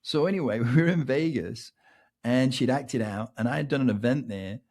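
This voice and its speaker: A middle-aged man with an English accent hosting a podcast, telling a long personal anecdote in a lively way and often asking "right?". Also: mid-range voice, moderate pace. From England. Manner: animated anecdote telling, keeps adding "right?", laughs between lines. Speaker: podcast host. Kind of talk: casual storytelling monologue.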